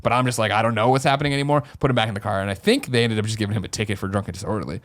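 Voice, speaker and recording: A man's voice: on the low side, rapid-fire. A man, a podcast co-host, rambling through a wry anecdote in casual chat.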